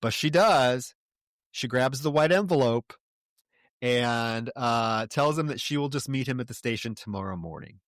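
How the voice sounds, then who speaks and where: A man co-hosting a podcast, retelling a movie in casual, profane, animated chat. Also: mid-range voice, moderate pace, dry recording, clean studio sound. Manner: animated, profane storytelling with laughs. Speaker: podcast co-host. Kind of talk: casual chat recapping a film.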